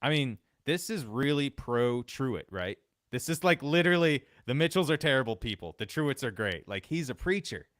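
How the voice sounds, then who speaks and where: A man's voice: mid-range voice, very animated, moderate pace, fairly bright tone, dry recording, clean studio sound. A man co-hosting a podcast, reading an old newspaper account aloud and then chatting about it loosely. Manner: reads old newspaper text, then chats loosely with laughs. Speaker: podcast co-host.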